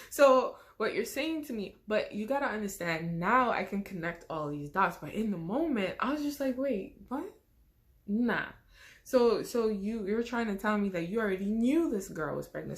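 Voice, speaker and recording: Animated young woman telling a story. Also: mid-range voice, normal speed. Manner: animated, expressive storytelling with slang. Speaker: vlogger. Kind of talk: casual storytime.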